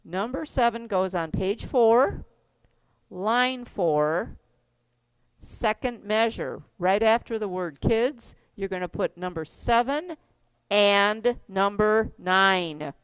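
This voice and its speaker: A woman's voice: medium pitch, expressive, takes it slowly, clean tone, no room sound. A middle-aged woman teaching a keyboard class, giving step-by-step instructions in a chatty way and laughing often.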